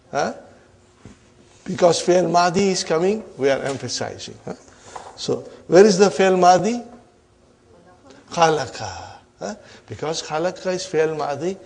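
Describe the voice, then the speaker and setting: A man's voice: a little high, creaky, husky. A man teaching a classroom grammar lesson. He explains term by term, drills students with repeated questions and keeps checking with "huh?" and "are you with me?".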